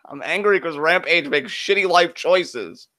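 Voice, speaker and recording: A man's voice: fairly high pitch, animated, a little slow, pushed and bright, no room sound, clean studio sound. A man co-hosting a live wrestling reaction, ranting with heated, profane fan commentary. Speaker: co-host of wrestling reaction show.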